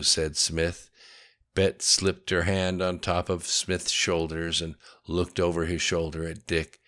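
A man reading a novel aloud as narrator, with a steady storytelling delivery and voicing each character. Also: sits low, slow pace. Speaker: audiobook narrator. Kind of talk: scripted narration.

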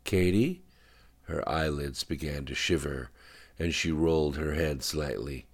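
A man reading fiction aloud in a steady, understated narration. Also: a bass voice, measured pace, slightly rough. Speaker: audiobook narrator. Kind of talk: scripted narration.

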